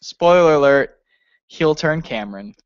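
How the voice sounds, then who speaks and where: A man's voice: a little high, expressive, a little slow, clear, resonant tone, no echo, dull audio. A man co-hosting a casual wrestling review podcast, rambling and laughing as he talks. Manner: rambling, laughing often, lots of fillers. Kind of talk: casual chat.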